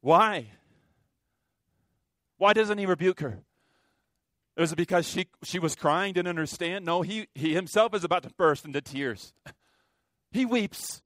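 A man preaching a sermon as a pastor, impassioned, with sharp swings from loud to quiet. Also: sits high, measured pace, long pauses, dry recording, clean studio sound.

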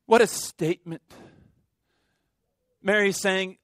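A man preaching a sermon as a pastor, impassioned, with sharp swings from loud to quiet. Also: medium pitch, a little slow, no room sound, clean studio sound.

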